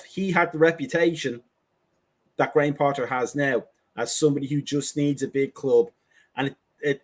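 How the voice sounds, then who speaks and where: A man's voice: mid-range voice, slightly rough. A man hosting a football podcast, stammering a little as he poses questions in casual chat. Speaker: podcast host.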